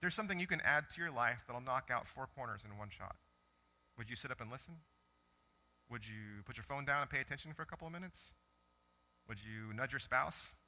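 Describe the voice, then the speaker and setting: Man, pastor, very bright voice, chatty animated sermon, church. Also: mid-range voice, a little fast. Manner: conversational, animated storytelling with self-corrections. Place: church sanctuary.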